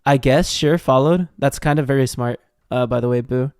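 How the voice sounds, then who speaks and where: A man's voice: medium pitch, moderate pace, darkish tone, smooth, dry recording, clean studio sound. A young man live-streaming a horror game, thinking aloud and joking as he works through puzzles. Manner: talks to himself while puzzling things out, joking. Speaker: gaming streamer. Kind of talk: casual live game commentary.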